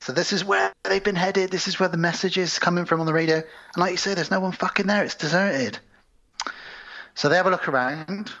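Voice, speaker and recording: A man's voice: sits high, fairly even intonation, brisk, bright, forceful tone, dull audio. A man co-hosting a podcast, recapping film scenes in casual chat and acting out the characters' lines. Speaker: podcast co-host.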